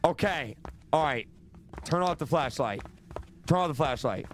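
A man's voice: fairly high pitch, animated, measured pace, slight background noise. Jittery young man streaming a game. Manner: jittery, repeats himself, nervous exclamations. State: losing his voice. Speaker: gaming streamer. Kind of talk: live horror game commentary.

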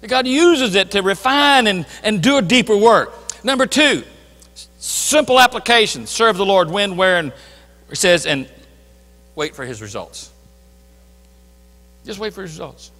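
A man preaching a sermon as pastor, emphatic, swinging between loud declarations and hushed asides. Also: high voice, animated, measured pace, long pauses, in a large hall. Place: church sanctuary.

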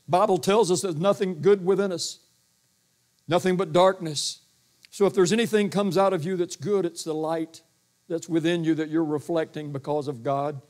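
An older pastor preaches with a booming voice that sits a little high for a man. He rambles and restarts, acting out quotes as he goes. He speaks from inside a church. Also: a little mellow. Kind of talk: sermon. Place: church sanctuary.

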